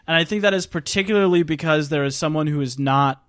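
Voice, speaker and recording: A man hosting a casual film podcast, running a quiz with relaxed, filler-heavy talk. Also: fairly high pitch, fast talker, no echo, studio quality.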